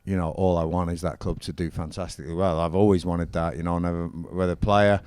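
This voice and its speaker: A man's voice: sits low, flat delivery, a little fast, darkish tone, smooth. A middle-aged man in a casual interview, telling stories in an enthusiastic, rambling way. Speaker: interview guest, former football manager and musician. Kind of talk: casual chat.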